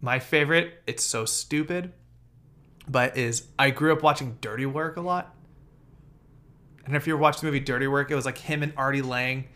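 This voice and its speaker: A man co-hosting a casual sports podcast, telling stories in a quick, chatty way. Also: medium pitch, pushed and bright. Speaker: podcast co-host.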